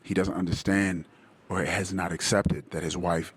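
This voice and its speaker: A man's voice: sits low, moderate pace, breathy edge. A young adult man hosting a podcast, telling a personal story bluntly and with plenty of swearing, acting out the dialogue with animation. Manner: blunt, profane, animated when retelling dialogue. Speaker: podcast host. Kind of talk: candid solo podcast storytelling.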